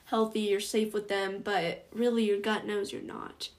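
A young woman co-hosting a casual podcast, joking around and laughing loudly at her own remarks between thoughtful talk. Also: medium pitch, little pitch movement, moderate pace. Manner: jokey, laughs loudly at herself. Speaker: podcast co-host. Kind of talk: casual chat.

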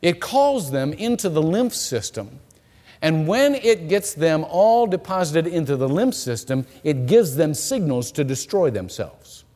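A male pastor preaching a sermon, telling stories in an animated way with frequent repeated words. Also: a little high, unhurried. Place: church hall. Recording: long reverb of a church hall.

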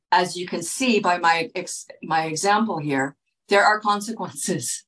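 A woman's voice: fairly low pitch, a bit bright, rough recording. A woman talking straight to her viewers in an earnest, lecturing way, often checking in with "okay?". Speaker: wellness speaker. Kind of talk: direct-to-viewer talk.

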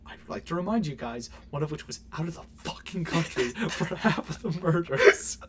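A male podcast co-host with a bright, ringing tone. He reads from his notes in a casual way and breaks off into loud, swearing outbursts. His pitch swings widely as he talks. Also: expressive, moderate pace. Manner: reads notes aloud, then bursts into loud profane yelling. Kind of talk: casual podcast chat and reading.

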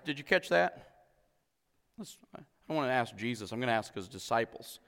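A male pastor preaching an animated sermon, acting out voices and laughing often. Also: mid-range voice, normal speed, long reverb tail.

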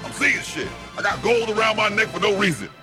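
A man's voice: high voice, sing-song, fairly quick. A man voicing a brash, tough-talking male covid variant who throws profane threats around. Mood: raving. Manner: swaggering, profane trash talk. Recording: music playing behind.

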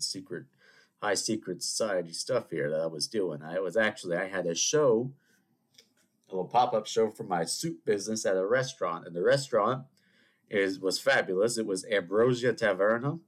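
Through a cold and plenty of sniffles, a podcast host with a slightly low voice delivers a rambling solo monologue. He talks loosely to his listeners, drifting into digressions and lighthearted asides.

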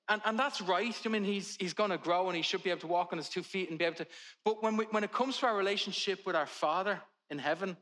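A man in his forties preaching from the pulpit, with a high and bright voice. He talks to the congregation in a loose, chatty way and drifts into funny stories about his children. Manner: conversational preaching with humorous family anecdotes. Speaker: pastor. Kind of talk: sermon.

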